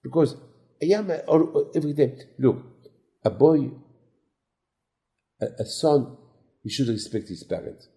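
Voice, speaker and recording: Rabbi giving a sermon, gravelly and very dark tone, story-driven preaching. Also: male voice, medium pitch, lively intonation, measured pace, long pauses. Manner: non-native phrasing, storytelling with quoted dialogue.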